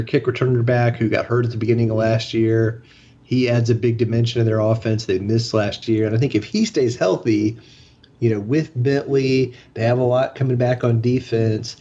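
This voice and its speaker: A man co-hosting casual sports analysis, measured, with many fillers. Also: medium pitch, dark tone. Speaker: podcast co-host. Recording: slightly dull lo-fi audio.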